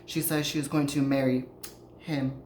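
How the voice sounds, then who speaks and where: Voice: medium pitch, flat delivery, moderate pace, darkish tone, close to an everyday voice. A podcaster voicing a distraught, anxious 1930s mother pleading to get her daughter back. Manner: theatrical pleading read with a put-on accent. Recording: roomy echo, faint noise.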